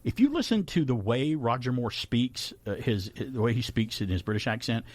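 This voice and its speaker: Male radio host, animated trivia reader, lively pitch, dry close studio mic. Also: normal speed, no echo. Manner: animated, reads out numbers, laughs often. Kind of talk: casual radio trivia chat. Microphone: studio microphone.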